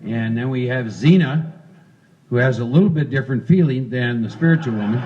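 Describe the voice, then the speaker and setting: A man's voice: medium pitch, brisk, highs cut off, background noise. A man leading a recovery workshop, talking casually and coaching volunteers through a role-play. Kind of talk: interactive recovery workshop talk.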